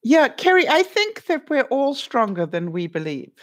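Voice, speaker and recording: A woman's voice: high-pitched, moderate pace. Chatty woman musing to her viewers. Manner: animated, musing aloud with fillers and rhetorical questions. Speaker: vlogger reading viewer comments. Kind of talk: casual livestream chat.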